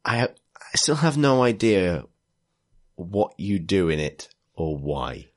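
A man guesting on a casual podcast, asking dry deadpan questions. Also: low-pitched, takes it slowly. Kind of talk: casual chat.

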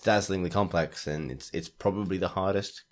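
A man's voice: low voice, fairly quick. A man co-hosting a games podcast in casual chat, rambling and restarting his sentences as he thinks aloud. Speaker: podcast co-host.

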